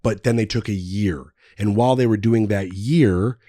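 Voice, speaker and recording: A man in his thirties, guesting on a podcast, tells long, rambling anecdotes in casual chat, constantly using fillers and restarting sentences. His voice is fairly low and dark, at a normal speed. The studio recording is clean, with no room sound.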